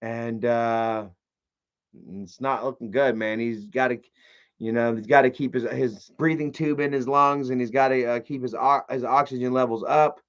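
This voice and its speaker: A man's voice: mid-range voice, steady tone, moderate pace, clean tone, lo-fi sound. A man hosting a livestream, rambling with many fillers and making sarcastic, profane remarks. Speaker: livestream host. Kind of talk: casual live-stream commentary.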